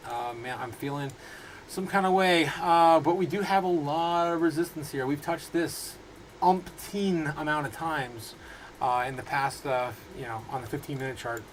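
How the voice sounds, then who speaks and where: A man in his thirties hosting a casual crypto livestream from his home, rambling through viewer comments with halting restarts and frequent laughs. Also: a little high, a little hiss or hum, poor audio. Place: home room.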